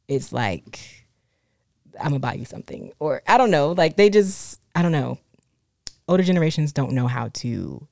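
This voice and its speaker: A young woman with a low, deep-set voice chats casually and candidly, looping back with fillers and restarts as she thinks aloud. The sound is close and dry, with no room around it. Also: mellow, no room sound. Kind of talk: casual chat.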